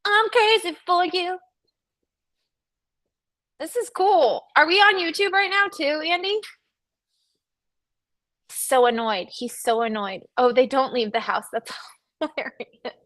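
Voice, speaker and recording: A woman's voice: high voice, a little slow, long pauses, a bit bright. A woman hosting a casual livestream from a studio, chatting and teasing with viewers and crew, often laughing. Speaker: livestream host. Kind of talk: casual chat with live viewers.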